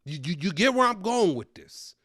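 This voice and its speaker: A man in his thirties, a comedian hosting his own show, ranting loudly to camera at home into his own microphone. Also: high voice, normal speed, no room sound, clean studio sound. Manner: animated, loud and ranting. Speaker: comedian host.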